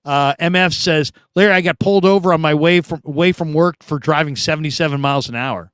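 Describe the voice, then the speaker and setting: A middle-aged man from California hosting a sports show, chatting casually through live comments and telling stories with animated quoted voices. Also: on the high side, brisk, clean tone, no echo, studio quality. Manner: animated storytelling, laughs often, acts out quoted voices.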